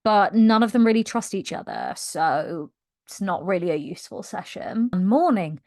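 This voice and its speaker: A woman's voice: mid-range voice, wildly swooping pitch, normal speed, a little mellow, dry recording, studio quality. A young woman giving a casual book recap, gushing and slangy, laughing often. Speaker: book vlogger.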